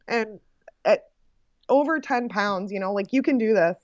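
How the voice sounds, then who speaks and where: A young woman telling her birth story in a casual, animated way, full of "like" and laughs. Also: fairly high pitch, normal speed, dry recording, dull audio. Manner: animated, frequent "like" fillers and laughs. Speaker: podcast guest sharing her birth story.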